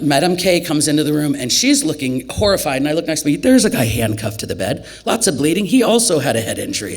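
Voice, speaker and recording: A lively woman from Nebraska spins a tale on a festival stage. She talks conversationally and laughs often, leaping up in pitch whenever she acts out what someone said. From Nebraska, USA. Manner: animated, acts out quoted lines with big jumps in pitch. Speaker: storyteller. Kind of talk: live storytelling performance.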